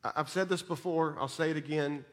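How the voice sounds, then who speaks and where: In a brisk, steady voice that sits a little high, a man preaches emphatically. He swings between loud and soft and repeats words when he stumbles.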